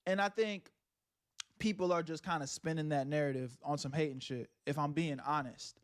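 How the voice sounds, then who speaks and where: A man with a high voice talks through a reaction in a laid-back, slangy way. He drops laughing asides between his points. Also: fairly even intonation, normal speed. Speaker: reaction streamer. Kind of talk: casual reaction commentary.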